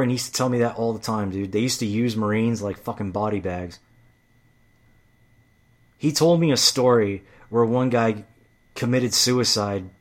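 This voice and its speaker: A man talks straight to his listeners in a loose, heated monologue, swearing freely as he tells his stories. His pitch sits in an ordinary middle range. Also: fairly bright tone. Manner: profane, heated storytelling. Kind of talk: casual monologue.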